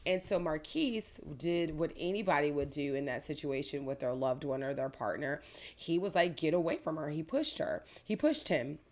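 Low-voiced woman lawyer from Florida. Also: lively intonation, normal speed, a little mellow. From Pinellas County, Florida. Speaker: guest attorney. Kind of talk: interview answers.

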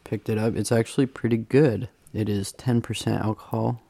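A man hosting a casual podcast, introducing the show and guests in a relaxed way. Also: on the low side, moderate pace, vocal fry, no echo. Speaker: podcast host. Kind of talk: casual chat.

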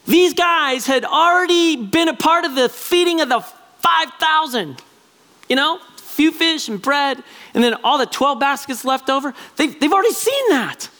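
A man preaching a sermon as pastor, animated and acting out little quoted voices as he talks. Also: extremely high pitch, unhurried.

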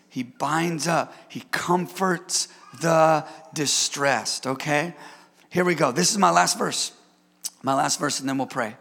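Gravelly high-voiced preacher in a hall. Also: male voice, slow pace, bright, forceful tone. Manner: emphatic preaching with repetitions and audience call-outs. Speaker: pastor. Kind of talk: sermon.

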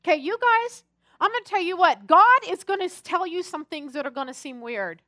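A woman pastor preaching a sermon, telling personal stories in an animated, chatty and humorous way. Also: very high voice, fairly quick, dry recording, clean studio sound.

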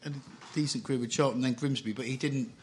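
A man's voice: medium pitch, fairly even intonation, fast, a little mellow. A man co-hosting a football podcast, mostly chipping in with short agreeable remarks. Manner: brief, agreeable interjections. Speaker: podcast co-host. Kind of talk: casual football podcast chat.

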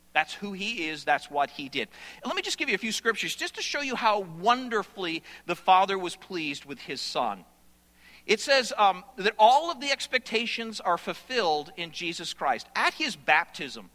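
A male pastor preaching a sermon with emphatic, repeated phrases, slowing down to read scripture. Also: high-pitched, sharp tone, long reverb tail.

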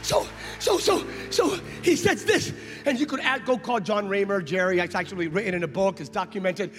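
A man preaching a sermon, telling a story with acted-out dialogue and building into shouted passages. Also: sits high, expressive, moderate pace. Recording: long hall reverb with faint music.

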